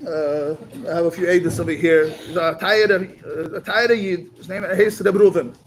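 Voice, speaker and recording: A man's voice: high voice, fairly even intonation, normal speed, a little hiss or hum, poor audio. A man giving a talk, telling a story at a community gathering and mixing in Yiddish and Hebrew words.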